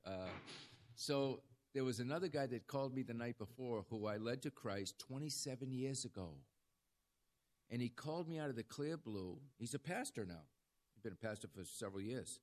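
A man's voice: mid-range voice, lively intonation, normal speed, darkish tone. A man who has ministered in a jail for decades, preaching a casual, folksy sermon full of stories and calls for "amen.". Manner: folksy storytelling, calls for amens. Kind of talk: conversational sermon.

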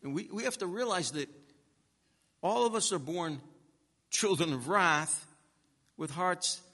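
A man preaches an expository sermon in a bright, forceful, fairly high voice. He speaks emphatically and builds to hard-driving peaks. His words ring out with a long reverb, as in a large hall. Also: expressive, unhurried.

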